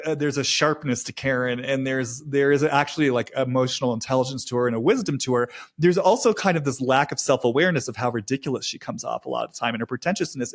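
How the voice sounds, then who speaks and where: Man musing slowly in a searching monologue. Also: fairly high pitch. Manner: halting, searching, repeats phrases slowly. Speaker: podcast host. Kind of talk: reflective solo monologue.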